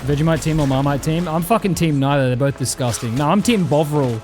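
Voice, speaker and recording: A man's voice: on the high side, brisk, over music. Laid-back swearing Australian man. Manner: laid-back, swears often, reads chat. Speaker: streamer. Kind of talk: casual gaming stream chat.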